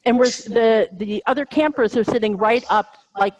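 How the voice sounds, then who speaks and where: A woman's voice: on the high side, normal speed, lo-fi sound. Rambling, laughing American woman comedian. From United States. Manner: rambling, self-interrupting, laughs often. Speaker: comedian guest. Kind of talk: casual interview storytelling.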